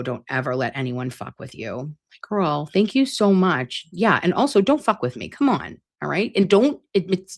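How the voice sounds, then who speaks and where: A woman hosting a casual live stream, reading viewer comments aloud in an animated, expressive way and swearing freely. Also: deep voice.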